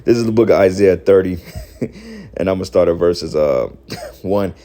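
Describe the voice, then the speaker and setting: A man giving heated, profane preaching commentary, scolding his listeners and rising to shouts. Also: low-pitched, moderate pace, pauses often. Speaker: religious commentator.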